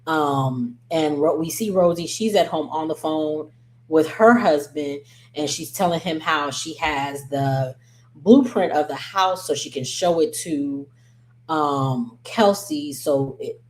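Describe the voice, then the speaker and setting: Low-voiced woman chatting through a recap. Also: darkish tone. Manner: chatty, digressive, frequent ums and self-corrections; slangy, opinionated commentary. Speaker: reality TV recap host. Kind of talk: casual episode recap.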